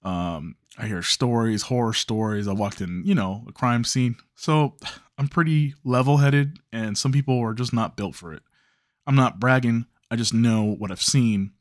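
A man's voice: medium pitch, moderate pace, no room sound, clean studio sound. A man from Chicago, hosting a podcast, telling a long story in a loose, rambling way, correcting himself and swearing casually. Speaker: podcast host.

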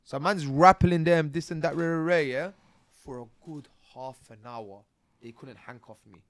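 A young man, telling his own stories as a podcast guest in a lively, slang-filled way and acting out scenes as he goes. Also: a little high, moderate pace. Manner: animated, slang-heavy, acts out scenes. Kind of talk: casual storytelling interview.

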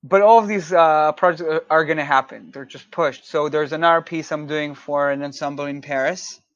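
A man's voice: on the high side, steady tone, normal speed, a bit bright, no echo. Israeli-born man explaining, dull remote audio. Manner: thoughtful, explains with many fillers and restarts. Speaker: composer, guest. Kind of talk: casual interview talk.

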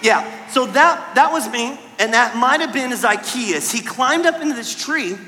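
Bright, animated man preaching to kids. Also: sits high. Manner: animated, talks directly to the kids. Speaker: camp speaker. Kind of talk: children's sermon storytelling. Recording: long hall reverb.

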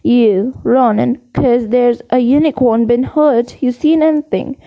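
A big, blunt male gamekeeper speaking in homely rough dialect, put on by a woman reading aloud. The voice sits high and moves slowly. The recording sounds muffled and lo-fi. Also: steady tone.

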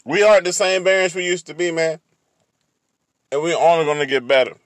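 A man hosting a podcast, talking slowly and repeating his catchphrase. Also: on the high side, no echo, studio quality. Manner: slow, repetitive catchphrase delivery. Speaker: podcast host. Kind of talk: casual podcast talk.

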